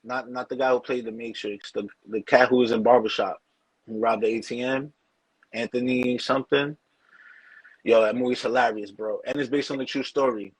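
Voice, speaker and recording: Laid-back male podcast host, mid-pitched, dry close sound, slangy and easygoing. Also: fairly even intonation, normal speed, breathy edge, dry recording, poor audio. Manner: loose slang-heavy talk, calls listener bro. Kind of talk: casual chat.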